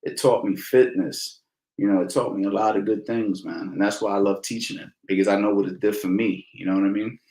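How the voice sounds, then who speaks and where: A middle-aged man, a boxing coach, telling stories in a casual Q&A, animated and slangy, repeating phrases for emphasis. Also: on the low side, a little fast. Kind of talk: casual Q&A storytelling. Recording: roomy echo.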